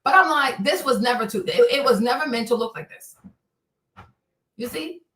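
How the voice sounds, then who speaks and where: A woman's voice: a little high, moderate pace, fairly bright tone, far from the mic. A woman hosting a livestream, ranting casually with heavy profanity and exasperation. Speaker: streamer host. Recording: echoey room, voice a bit off-mic.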